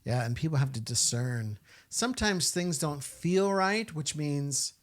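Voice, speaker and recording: Male podcast host, lively higher voice, casual and questioning. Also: measured pace. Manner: animated, rhetorical questioning with many fillers. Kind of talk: casual Catholic podcast chat.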